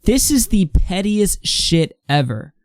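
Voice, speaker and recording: A woman's voice: medium pitch, sing-song, takes it slowly, dry recording, clean studio sound. A young woman in her late teens hosting a live online commentary stream, reading posts aloud and ranting bluntly with plenty of swearing.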